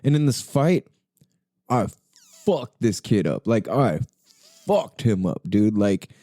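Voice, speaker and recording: A man's voice: fairly low pitch, sing-song, slow pace, warm tone, no room sound, clean studio sound. Slangy, swearing young man telling stories. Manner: profane, filler-heavy slangy storytelling. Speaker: podcast host. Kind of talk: casual storytelling.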